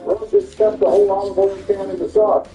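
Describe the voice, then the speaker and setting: A man's voice: high voice, level tone, brisk, far from the mic. A man chiming in with casual, slangy teasing as a co-commentator. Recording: tinny phone-like line, roomy, music.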